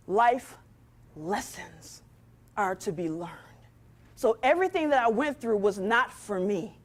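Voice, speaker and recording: Her medium-pitched voice carries a preacher-like energy as she addresses the crowd head-on during an onstage motivational speech.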